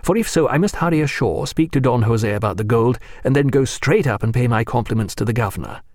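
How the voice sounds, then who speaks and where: A man voicing a courteous, formal gentleman who speaks with elaborate politeness, in an audiobook reading. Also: mid-range voice, brisk, no room sound, clean studio sound, natural voice. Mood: polite. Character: courteous male ship's surgeon, gentleman.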